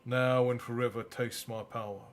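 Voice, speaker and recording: A man reading out the slow, ominous words of a vengeful, ancient dark male power. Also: medium pitch, level tone, lightly acted.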